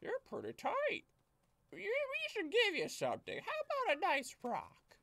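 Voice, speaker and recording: A man doing a squeaky, chirpy bird-voiced guy. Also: huge pitch swings, measured pace, vocal fry, sharp tone, no room sound, exaggerated voice. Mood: mock grateful. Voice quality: high chirping put-on voice.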